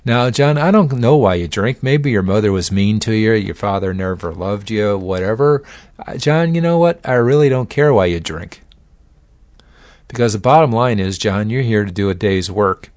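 A man's voice: lowish voice, normal speed, a little mellow, no echo, lightly acted. A man acting out a stern male boss who bluntly scolds a worker, repeating the worker's name as he lectures.

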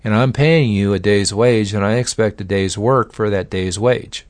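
A man's voice: on the low side, moderate pace, dry recording, lightly acted. A man acting out a stern male boss who bluntly scolds a worker, repeating the worker's name as he lectures.

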